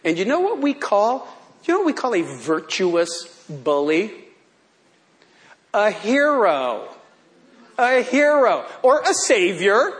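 A male pastor delivering a sermon in a church, playful and theatrical, often laughing. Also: high-pitched.

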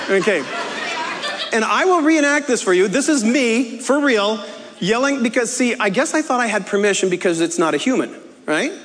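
A man's voice: very high-pitched, expressive, moderate pace, a bit bright, a faint crowd. A man preaching a humorous sermon, telling a self-mocking story with frequent laughs. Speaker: pastor. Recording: echoey hall with faint ambience.

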